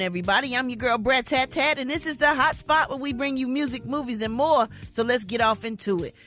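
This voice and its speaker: A woman reading entertainment news on a morning radio show in an animated, chatty, outspoken way. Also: on the high side. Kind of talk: casual radio chat.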